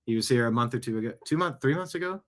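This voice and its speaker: A man's voice: mid-range voice, animated, racing, a bit bright. A middle-aged man hosting a casual news commentary show, reading posts aloud with chuckles and asides. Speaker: host.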